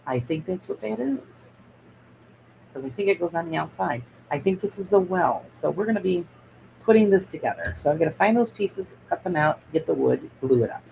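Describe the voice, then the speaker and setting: A woman's voice: on the low side, animated, moderate pace, creaky, mellow, slight background noise, low-quality recording. A woman hosting a casual miniature-crafting stream, chatting in a rambling way and answering viewer comments as she builds. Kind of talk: casual craft livestream chat.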